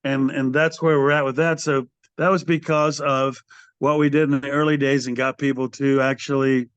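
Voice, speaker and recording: An older man who sings in a metal band is a guest on a casual interview, spinning rambling stories and animatedly acting out other people's voices. His voice sits at medium pitch and moves at normal speed, with a clean tone and no room sound, though the podcast audio is muffled and dry.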